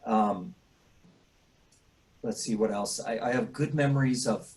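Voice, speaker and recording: A middle-aged man, a grieving father, speaking in a halting way with many pauses and restarts, choked up and tearful at times. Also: on the low side, darkish tone, low-quality recording. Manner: halting, full of fillers and restarts. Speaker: bereaved father. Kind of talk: emotional personal interview.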